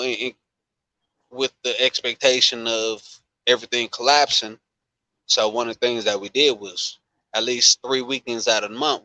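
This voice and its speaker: A man's voice: mid-range voice, dry recording, poor audio. A man from Long Beach telling stories in casual chat, emphatic and repeating himself for weight. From Long Beach, California. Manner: animated, emphatic repetition.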